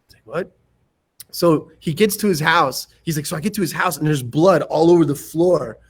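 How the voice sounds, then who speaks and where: A man with a high voice tells a casual story as a podcast guest. He slips into quick impressions of the people involved and breaks into laughter between lines. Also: breathy edge. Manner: animated anecdotes, acting out other people's lines and laughing often. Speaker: martial arts instructor, podcast guest.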